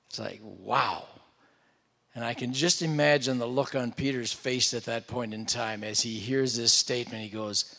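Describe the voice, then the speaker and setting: A man's voice: medium pitch, normal speed, creaky. Preacher man in a reverberant hall. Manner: storytelling, swings between loud emphasis and hushed asides. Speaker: pastor. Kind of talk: sermon.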